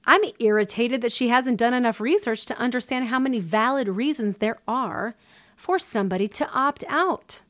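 A woman's voice: a little high, moderate pace, a bit bright. A woman giving opinion commentary in a sarcastic, indignant way.

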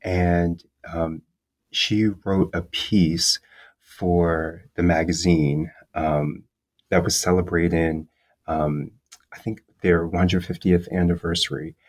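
A young man interviewing an author, speaking in a measured way with frequent filler pauses. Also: sits low, flat delivery. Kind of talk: interview questions and conversation.

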